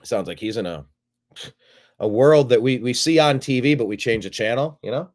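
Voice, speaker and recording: A man's voice: mid-range voice, expressive, moderate pace, a little mellow. A middle-aged man hosting a show, casually rambling as he retells a phone call and acts out both sides of it. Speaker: show host. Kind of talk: casual livestream monologue.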